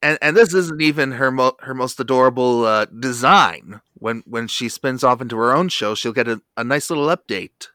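A man's voice: medium pitch, normal speed, few pauses, pushed and bright, no echo, studio quality. A man co-hosting a podcast, chatting casually and reeling off facts and credits. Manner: informative, lists facts and credits. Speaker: podcast co-host.

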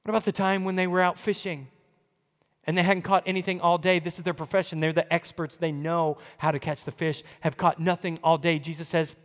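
A pastor preaching a sermon in a conversational way, shifting between hushed and loud passages. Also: male voice, on the high side, little pitch movement, brisk. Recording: long hall reverb.

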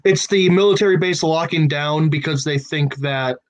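A man thinking out loud in a relaxed writers' brainstorm, building plot ideas one step at a time. His voice sits a touch high for a man. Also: moderate pace, poor audio. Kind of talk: casual creative brainstorming.

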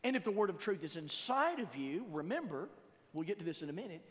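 A man preaching a sermon in a church, reading scripture slowly and building to loud emphatic passages. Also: high-pitched, big pitch swings, in a large hall. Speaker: pastor. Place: church sanctuary.

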